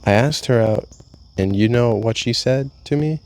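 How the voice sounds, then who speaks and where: A man's voice: medium pitch, moderate pace, a little mellow, slight background noise. A young man vlogging a candid, rambling confessional monologue, swearing freely as he talks.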